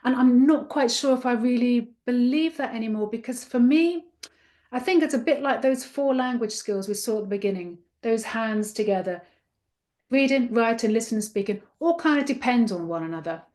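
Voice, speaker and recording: Upbeat, encouraging woman trainer, slightly high. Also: moderate pace, a little mellow. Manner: encouraging, chatty and interactive. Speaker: teacher trainer. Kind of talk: live online teacher-training webinar.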